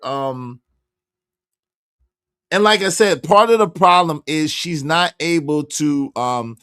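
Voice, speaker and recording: Animated, mocking livestream host man. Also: a little high, dry recording, studio quality. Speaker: live stream host. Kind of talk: livestream reaction commentary.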